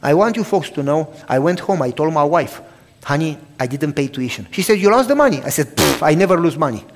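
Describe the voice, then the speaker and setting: A long hall reverb and slight background noise frame this man in his sixties, a pastor preaching fairly quickly in a voice on the high side. Telling stories, he animatedly and loudly acts out both sides of each conversation.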